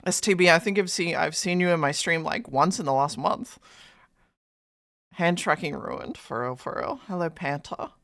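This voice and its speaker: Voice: mid-range voice, moderate pace, vocal fry, fairly bright tone, no room sound, studio quality. A live streamer chatting casually with viewers, greeting chatters by name and swearing freely in playful, mock-dramatic rants. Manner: mock-dramatic, hypes things up then undercuts them.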